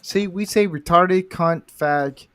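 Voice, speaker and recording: Brief: crude, rambling male livestream host, slow-paced delivery, voice sits a bit high. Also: a bit bright, clear, resonant tone. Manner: foul-mouthed, rambling, self-described redneck. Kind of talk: casual crude chat while building Lego.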